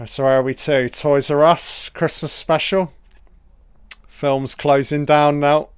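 A man's voice: fairly high pitch, slow, smooth, no room sound, clean studio sound. A man giving a casual, sweary live commentary over a film as it plays.

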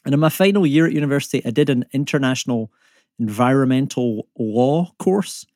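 A man's voice: medium pitch, a little fast, a little mellow, dry recording. Chatty Scottish man, dry sound. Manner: chatty, self-deprecating, many fillers and restarts. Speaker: climate economist and comedian guest. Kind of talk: casual podcast conversation.

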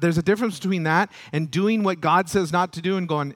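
A male pastor preaching a sermon, climbing loud and high when stirred, then dropping low and soft, and acting out prayers and quoted voices. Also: a little fast, few pauses, no echo, studio quality.

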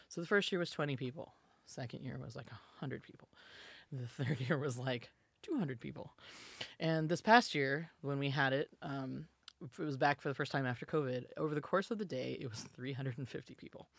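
Southern woman in her 40s, podcast guest, gravelly voice, dry close sound, rambling storyteller. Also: low voice, moderate pace, no room sound. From American South. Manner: chatty storyteller, many restarts and asides. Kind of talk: casual chat.

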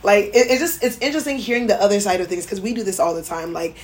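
A young adult woman co-hosting a podcast, telling stories in an animated, chatty way. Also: mid-range voice, fast talker. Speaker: podcast co-host. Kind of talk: casual chat.

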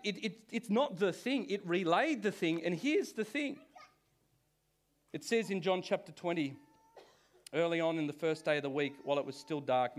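A man, a pastor, preaching a sermon in church with animated, conversational delivery and frequent restarts. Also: on the high side.

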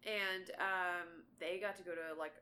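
Young woman, bright voice, chatty, animated storytelling, casual podcast talk. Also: on the low side, a little slow. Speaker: podcast co-host. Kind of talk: casual chat.

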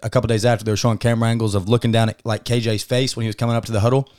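A man's voice: lowish voice, level tone, rapid-fire, darkish tone. A man co-hosting a casual sports podcast, giving emphatic, profane opinions on football. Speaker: podcast co-host.

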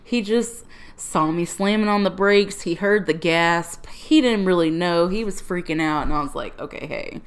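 A woman telling a personal story to camera in a casual, animated way, laughing often and acting out her own remarks. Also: lowish voice, normal speed, clean tone. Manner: animated, laughing often, quoting herself in lively asides. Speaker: refuge history project researcher.

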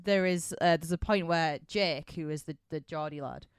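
A woman's voice: deep voice, moderate pace, clean tone, no room sound, clean studio sound. A woman, co-hosting a casual podcast chat and recapping scenes with a giggle. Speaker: podcast co-host.

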